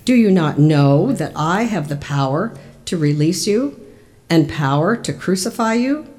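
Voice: mid-range voice, expressive, unhurried, darkish tone, lightly acted. A church lector reading the part of a Roman governor questioning a prisoner, lifting the voice on the questions. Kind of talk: liturgical Scripture reading.

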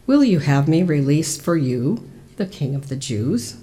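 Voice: mid-range voice, very animated, a little slow, dark tone. A church lector reading the part of a Roman governor questioning a prisoner, lifting the voice on the questions. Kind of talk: liturgical Scripture reading.

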